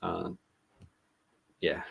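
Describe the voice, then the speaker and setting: A man's voice: drawn-out words, fairly bright tone. A man co-hosting a casual talk show, chiming in with brief dry asides. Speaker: co-host. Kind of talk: casual chat.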